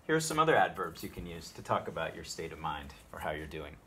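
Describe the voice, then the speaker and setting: A man with a very low voice gives a spoken Latin tutorial. He explains each phrase in a relaxed classroom manner, then repeats the Latin slowly for learners to copy. A faint hiss of noise sits behind him. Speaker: Latin teacher.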